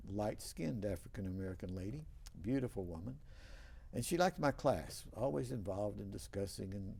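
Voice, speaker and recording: A man's voice: fairly low pitch, gravelly, warm tone, slight background noise. An older man hosting a TV talk show, telling long rambling stories with many restarts. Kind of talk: casual storytelling interview.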